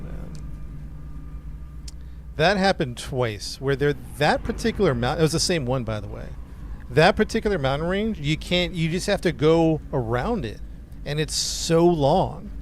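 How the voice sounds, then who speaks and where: A man's voice: fairly high pitch, animated, measured pace, long pauses, slight background noise. A man streaming a game live, commenting to his chat and venting frustration as he plays. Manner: frustrated, talks to chat while playing. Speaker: gaming streamer.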